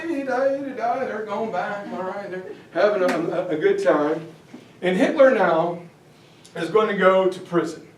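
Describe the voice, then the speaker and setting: A man teaching a history class in a jokey, theatrical way, now and then bursting into shouts, recorded from a distance in a classroom. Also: sits high. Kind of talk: animated history lecture with acted-out voices. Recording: echoey room from a far mic, faint noise.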